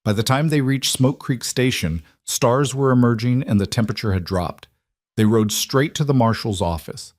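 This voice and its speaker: A man narrating a scripted story in an even, measured way. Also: medium pitch, no room sound, clean studio sound.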